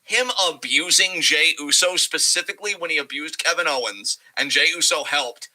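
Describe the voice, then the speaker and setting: Bright-voiced man in animated podcast chat. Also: a little high, poor audio. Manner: animated, profane, quick impressions of wrestlers. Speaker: podcast co-host. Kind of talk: casual wrestling podcast chat.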